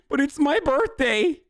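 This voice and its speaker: A man's voice: extremely high pitch, sing-song, slow pace, gravelly, a crowd in the background, pitched above the performer's own voice, heavily acted. A man mocking a whiny entitled woman. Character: entitled middle-aged woman demanding service.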